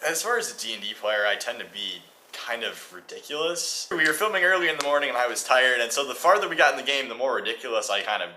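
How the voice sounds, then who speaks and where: A man playing a tabletop game, goofy and deadpan. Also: medium pitch, quick pace, few pauses. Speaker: player. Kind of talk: casual tabletop play. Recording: echoey room from far off, clear noise.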